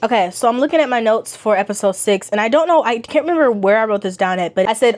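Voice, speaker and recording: A young woman chatting casually in a slangy, animated way. She laughs often as she talks. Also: fairly high pitch, fast talker, few pauses. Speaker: vlogger reviewing a TV series. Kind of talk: casual chat.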